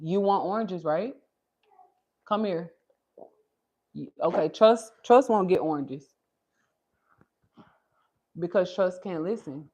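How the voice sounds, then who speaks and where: A woman hosting a casual livestream from home, her throat a little scratchy from a cold, chatting with viewers as "y'all" while she gently corrects her small child. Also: on the low side, takes it slowly, long pauses. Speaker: livestream host.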